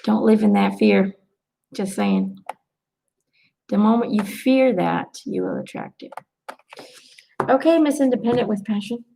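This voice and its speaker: A woman's voice: mid-range voice, measured pace, gravelly, pauses often, slight background noise, low-quality recording. A middle-aged woman giving a live angel card reading, chatting casually and speaking reassuringly to her viewers. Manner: chatty, animated storytelling with quoted asides; reassuring, addresses viewers directly. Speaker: intuitive card reader.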